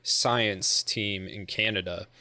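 A man's voice: fairly low pitch, fairly even intonation, slow, pushed and bright, dry recording. A young man co-hosting a podcast in casual chat, rambling with lots of swearing and laughter. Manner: rambling, profane, laughs often. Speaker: podcast co-host.

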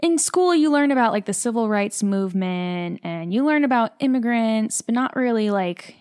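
A woman's voice: on the high side, animated, moderate pace, darkish tone, clear, resonant tone, no room sound. A young woman who acts on stage talks through an interview in a loose, chatty way, filling her sentences with "like." She is heard up close with a dry sound and no room around her. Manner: chatty, heavy use of "like", emotional. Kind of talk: casual interview chat.

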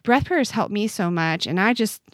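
A woman's voice: mid-range voice, expressive, normal speed, no room sound, studio quality. A woman speaking as a podcast guest, earnest and reflective as she talks about her faith. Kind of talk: conversational interview.

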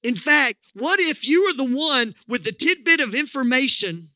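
A man's voice: very high voice, animated, moderate pace, sharp tone, no room sound, clean studio sound. A middle-aged man preaching a sermon as pastor, telling a story in a folksy, joking way with many restarts.

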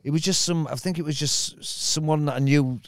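Fast-talking man telling stories. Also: a little high, dry recording, studio quality. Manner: rambling anecdotes acting out other voices. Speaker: guest comedian. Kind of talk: casual storytelling.

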